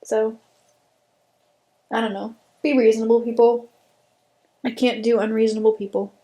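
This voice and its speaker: A woman's voice: a little high, level tone, normal speed, pauses often, warm tone, echoey room. A woman co-hosting a podcast in casual chat, laughing hard and exclaiming often. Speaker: podcast co-host.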